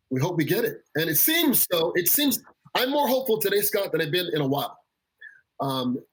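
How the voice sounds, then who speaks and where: A man talking earnestly in a sit-down interview, his voice husky and a touch higher than most. He pauses and repeats words as he works through his thoughts. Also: low-quality recording. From United States. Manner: earnest, halting, repeats words while thinking. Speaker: children's pastor. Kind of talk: candid interview conversation.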